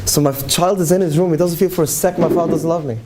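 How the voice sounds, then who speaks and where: A man's voice: fairly high pitch, fairly even intonation, fast, noisy background. A middle-aged man, giving an earnest, heartfelt talk to parents. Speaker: speaker addressing parents. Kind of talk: emotional talk to a live audience.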